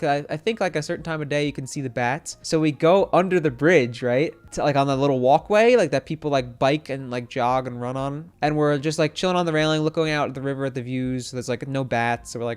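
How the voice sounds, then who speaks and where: A man's voice: on the high side, fairly quick, clear, resonant tone. A young man streaming, telling a rambling casual story with many fillers and swearing.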